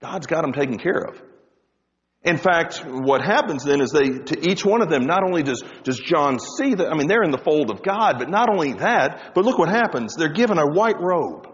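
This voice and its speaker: A man's voice: a little high, lively intonation, moderate pace, in a large hall, highs cut off. A man preaching a sermon as pastor, rising and dropping his voice for emphasis.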